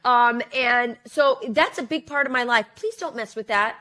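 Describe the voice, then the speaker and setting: A woman's voice: on the high side, moderate pace, sharp tone. A middle-aged woman co-hosting a podcast, talking in long run-on sentences with many fillers. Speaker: podcast co-host. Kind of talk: casual political chat.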